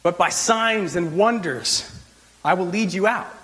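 A male pastor delivers a loose, conversational sermon, frequently saying "like" and restarting his sentences. His high voice has a fairly bright tone and a measured pace. The recording is rough.

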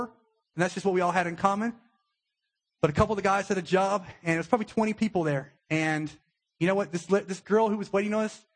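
A young adult man, a pastor, giving a conversational sermon with a husky voice and acted-out quotes. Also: high-pitched. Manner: conversational preaching with acted-out quotes, emotional at times.

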